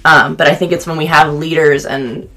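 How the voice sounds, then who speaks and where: A woman's voice: sits low, fairly even intonation, normal speed, sharp tone. A young woman co-hosting a podcast in a casual, reflective way, with many "like" and "um" fillers. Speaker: podcast co-host.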